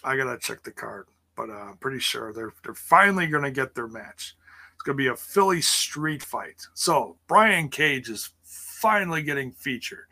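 A man's voice: mid-range voice, animated, moderate pace, vocal fry, bright, forceful tone. A man casually recapping wrestling for a live chat, rambling with ums and sarcastic asides. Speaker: wrestling show recap host.

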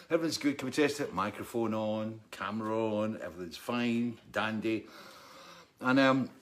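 Chatty man telling a story. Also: mid-range voice. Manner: animated storyteller, laughs and coughs between phrases. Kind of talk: casual rambling monologue.

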